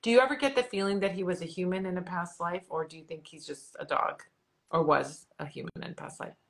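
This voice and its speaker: A woman hosting a podcast, warmly enthusiastic and quick to affirm her guest, with frequent laughter. Her voice sits somewhat low. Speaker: podcast host and author. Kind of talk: casual interview conversation.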